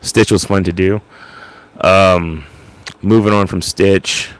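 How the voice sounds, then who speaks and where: A man with a Cajun accent talking casually about doing impressions, rambling with lots of halting restarts. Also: low voice, steady tone, smooth. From Louisiana. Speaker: vlogger.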